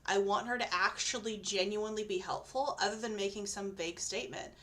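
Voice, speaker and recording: A young adult woman co-hosting a casual book chat, animated and teasing. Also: mid-range voice, fairly quick. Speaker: book channel co-host.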